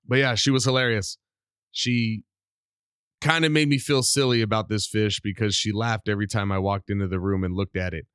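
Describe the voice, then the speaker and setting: A middle-aged man hosting a casual solo podcast, rambling and animated while under the weather with a cough. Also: on the low side, clear, resonant tone, dry recording, studio quality. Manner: rambling, animated, self-deprecating. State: sick with a cough. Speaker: podcast host.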